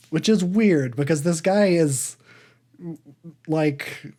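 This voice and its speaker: A man's voice: fairly high pitch, takes it slowly, mellow. A man co-hosting a podcast in casual chat, rambling and wry, hedging as he goes. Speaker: podcast co-host.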